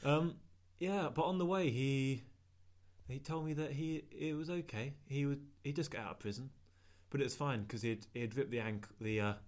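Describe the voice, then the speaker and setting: Man, young adult, dry self-mocking storyteller, mid-pitched voice. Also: moderate pace, darkish tone. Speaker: podcast co-host. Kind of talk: casual chat, storytelling.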